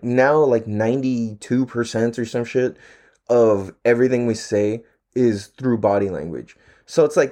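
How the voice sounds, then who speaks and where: A young man rambling casually to camera from home, his everyday mid-pitched voice relaxed and loose. He leans on slang, swears freely and laughs often as he talks. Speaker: solo podcast host.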